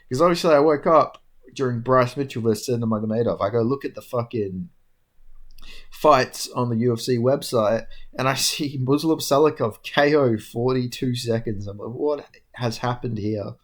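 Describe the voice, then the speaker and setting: A young man casually recapping MMA fights alone, rambling and tired, with lots of fillers and casual swearing. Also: medium pitch. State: tired, yawning. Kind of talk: casual solo recap talk.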